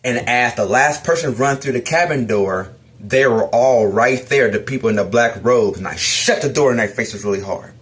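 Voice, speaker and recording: Brief: man, mid-pitched, personal storytelling, retells a nightmare with dramatic acted-out lines. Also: moderate pace, a bit bright. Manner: dramatic retelling, acts out his own lines in the dream. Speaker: testimony storyteller.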